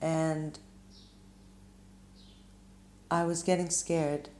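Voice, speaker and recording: A woman speaks slowly in a low, mellow voice as she gives a spiritual tarot reading. She muses gently and stops often to search for words. The room around her adds a noticeable echo. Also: flat delivery, slight background noise. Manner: gentle, musing, pauses with ums. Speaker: tarot reader.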